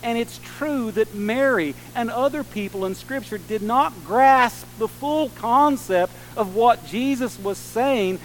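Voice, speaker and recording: Earnest high-voiced male preacher, slow. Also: a little hiss or hum, rough recording. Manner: earnest, preaching with swelling emphasis and soft, slow drops. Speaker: pastor. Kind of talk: sermon.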